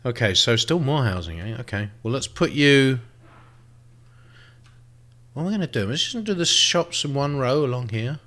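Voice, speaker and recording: A man's voice: medium pitch, expressive, normal speed, pauses often, fairly bright tone. A man giving casual gameplay commentary, thinking aloud and swearing freely as he plays. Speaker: let's play host.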